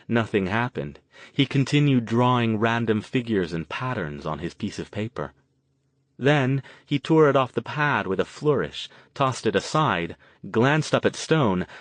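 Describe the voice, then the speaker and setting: A man reading an audiobook novel aloud in an even, measured way. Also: on the low side, no echo. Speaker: audiobook narrator. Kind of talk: scripted narration.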